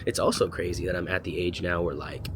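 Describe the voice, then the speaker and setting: A man's voice: low voice, fairly even intonation, fast. A man in his twenties from the United States, talking in a casual, rambling vlog monologue, profane and joking, with lots of "like" and "you know". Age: 20s. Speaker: vlogger. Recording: noisy outdoor street ambience.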